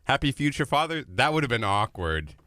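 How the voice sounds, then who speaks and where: A man's voice: mid-range voice, brisk, dry recording. A young adult man co-hosting a morning radio show, telling stories and ranting playfully on his soapbox. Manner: animated storyteller, ranting in jest. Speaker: radio co-host. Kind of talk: casual morning radio banter. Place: radio studio.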